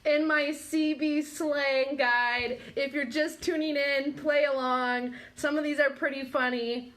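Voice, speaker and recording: A woman hosting a live quiz show in a chatty, teasing way, often collapsing into laughter. Her voice sits high and sounds bright and crisp. She talks at an unhurried pace. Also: steady tone. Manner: giggly, breaks into helpless laughing fits; chatty, quizzing listeners. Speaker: podcast host.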